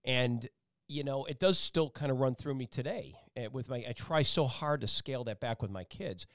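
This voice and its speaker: A talk show host and meteorologist from an Italian-American family speaks at a moderate pace in a medium-pitched voice. He hosts a casual interview, rambling and emphatic, frequently restarting, and the clean studio sound has no echo.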